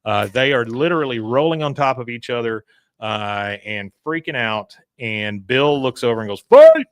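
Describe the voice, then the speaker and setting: A man's voice: mid-range voice, moderate pace, fairly bright tone, smooth, no room sound. A man co-hosting a podcast, recapping an episode in chatty talk with many "uh"s. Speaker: podcast co-host. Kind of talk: casual episode recap chat.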